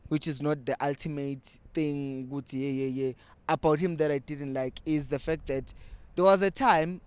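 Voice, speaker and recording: Young South African man, fan-channel host; slightly high, animated, dry close recording. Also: smooth, dry recording. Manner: animated, switching between English and Zulu. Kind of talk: casual fan commentary.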